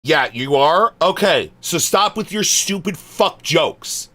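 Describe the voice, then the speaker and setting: A man's voice: a little high, lively intonation, takes it slowly, pushed and bright. A male streamer reading out his chat and answering it, exasperated and swearing, trailing off into muttered asides.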